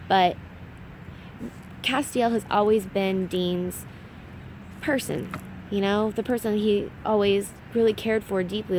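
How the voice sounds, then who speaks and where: A young adult woman hosting a casual fan recap, talking in a chatty, animated way and laughing at her own slips. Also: mid-range voice, background noise.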